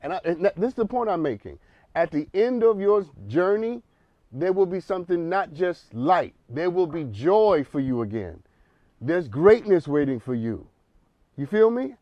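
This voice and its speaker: A man's voice: a little high, expressive, moderate pace, no room sound, highs cut off. A man hosting a counseling talk show, speaking emphatically in a preacherly way and repeating words as he builds a point.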